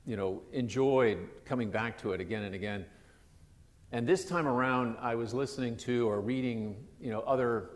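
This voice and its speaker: Man preaching in an echoing church. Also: mid-range voice. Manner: conversational, with frequent restarts and asides. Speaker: pastor. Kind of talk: sermon. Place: church sanctuary. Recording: long church reverb.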